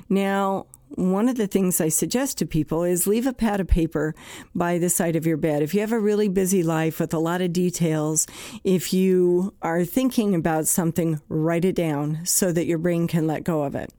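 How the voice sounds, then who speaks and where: Woman host, mellow low voice, plain conversational explainer, dry booth sound. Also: normal speed, dry recording. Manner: explains plainly with everyday examples, acting out anxious self-talk. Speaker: podcast host and psychologist. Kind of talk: conversational talk.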